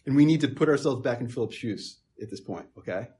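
A man preaching a sermon, emphatic, with repeated words, moving between strong stress and quiet asides. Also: a little high, lively intonation, fast talker, hardly any pauses, breathy edge.

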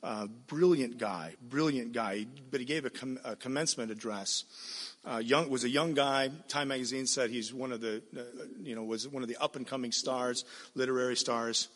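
A man's voice: medium pitch, normal speed, a bit bright, big-room sound. A man preaching a sermon, emphatic and repeating his points, often asking his listeners "you see?". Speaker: pastor.

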